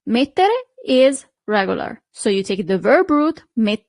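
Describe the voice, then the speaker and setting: Woman teacher, unhurried, repeats words, dry close sound. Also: fairly high pitch, big pitch swings, creaky, a little mellow, no echo. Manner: patient, repeats each word, checks with "okay?". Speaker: Italian language teacher. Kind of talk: slow, clear language lesson.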